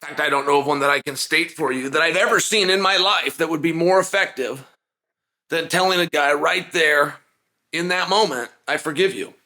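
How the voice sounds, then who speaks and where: A middle-aged man giving a casual, energetic breakdown of a fight from a closet at home, repeating phrases for emphasis. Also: fairly high pitch, normal speed. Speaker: podcast host and fight analyst.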